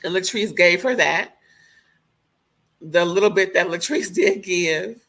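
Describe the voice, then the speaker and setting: A woman reviewing a reality TV reunion in casual chat, animated and opinionated, swearing freely. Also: on the low side, measured pace.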